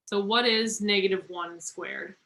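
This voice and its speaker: A woman with a bright, forceful voice tutors students through a math problem. She is encouraging and talks through each step slowly and plainly. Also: mid-range voice, fairly even intonation, poor audio. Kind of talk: online tutoring session.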